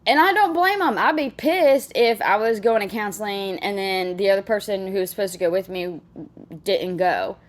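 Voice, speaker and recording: A woman's voice: mid-range voice, normal speed. A woman chatting casually as she reacts to a video clip, exclaiming and laughing between remarks.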